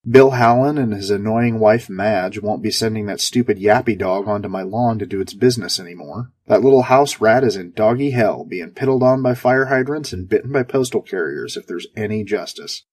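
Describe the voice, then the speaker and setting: A man's voice: fairly low pitch, moderate pace, hardly any pauses, darkish tone, husky. A man narrating a first-person sci-fi story in a sardonic, darkly comic tone.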